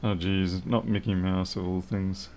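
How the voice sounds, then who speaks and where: A man's voice: low voice, level tone, unhurried, darkish tone, slight background noise. A man thinking aloud and muttering to himself as he works through a live repair stream. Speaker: electronics repair technician.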